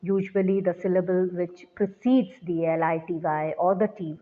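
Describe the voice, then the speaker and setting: A woman teacher giving a recorded lecture, explaining slowly and deliberately to students. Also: on the low side, level tone. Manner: slow, deliberate classroom explanation. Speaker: English teacher. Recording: tinny phone-like sound.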